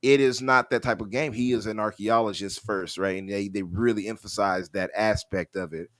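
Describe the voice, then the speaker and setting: A man with a low voice talks casually on a gaming podcast. He is animated, trails off and restarts his sentences. The sound is dry and close. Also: moderate pace, dry recording. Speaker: podcast co-host. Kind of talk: casual chat.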